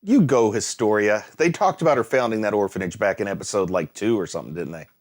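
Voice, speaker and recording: A man's voice: fairly low pitch, lively intonation, fast talker. A man hosting an anime reaction, chatting casually, exclaiming and laughing at the screen, then musing aloud. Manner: muses aloud, thinking things through.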